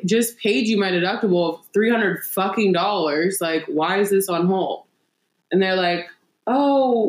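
A young woman co-hosting a podcast, venting in casual chat, exasperated and swearing as she acts out phone calls. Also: fairly low pitch. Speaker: podcast co-host. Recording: roomy echo.

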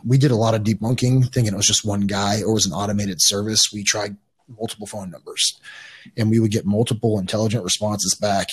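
A man's voice: on the low side, fairly even intonation, a little fast, husky. A man guest on a podcast, telling a story casually in a rambling way, with restarts and swearing.

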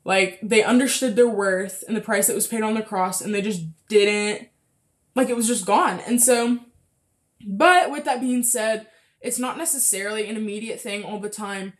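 A woman's voice: medium pitch, normal speed. A young woman hosting a casual faith podcast, chatty and full of fillers, a little out of breath close to the mic. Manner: chatty, frequent fillers and laughs. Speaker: podcast host.

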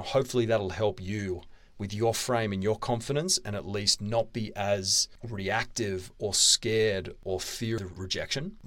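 Podcast guy coaching blunt, swears a lot, lowish voice, dry sound. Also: fairly bright tone, no echo. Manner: blunt, profane, emphatic advice-giving. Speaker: podcast host and dating coach. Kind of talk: casual coaching monologue.

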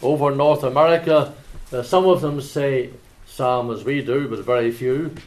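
A man with an Ulster accent preaching in a church, chatting with anecdotes and then reading scripture in a measured, solemn way. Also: mid-range voice, darkish tone. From Northern Ireland.

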